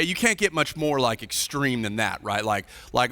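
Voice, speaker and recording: A man's voice: mid-range voice, animated, moderate pace, hardly any pauses, pushed and bright, in a large hall. A male pastor preaching in a chatty, informal way, often checking in with his listeners. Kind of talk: conversational sermon. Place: church sanctuary.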